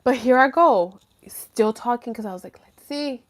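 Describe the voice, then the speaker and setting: A woman hosting a live stream chats to her viewers in a loose, rambling way. She tells her story with lots of "like" and the odd curse. Her voice sits a little high. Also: normal speed. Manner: rambling, animated, lots of "like" and swearing. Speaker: host of a live chat stream.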